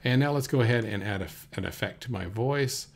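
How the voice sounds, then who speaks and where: Gravelly man talking through a tutorial. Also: mid-range voice, fairly quick. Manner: relaxed, talks through steps with fillers. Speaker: teacher. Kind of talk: screen-recorded software tutorial. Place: indoors at a computer. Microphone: USB desk microphone.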